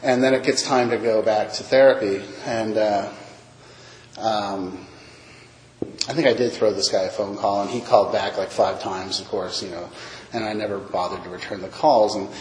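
A man's voice: fairly low pitch, steady tone, normal speed, darkish tone, slight background noise. Self-mocking man telling a story in an echoey hall. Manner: self-mocking, acts out quoted voices. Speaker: speaker sharing his recovery story. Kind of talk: recovery meeting talk, storytelling.

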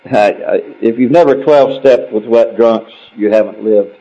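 A man's voice: lowish voice, normal speed. A man telling a personal story at a recovery meeting in a rambling, conversational, wry way. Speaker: speaker sharing his story at a recovery meeting. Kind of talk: storytelling talk. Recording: dull lo-fi recording.

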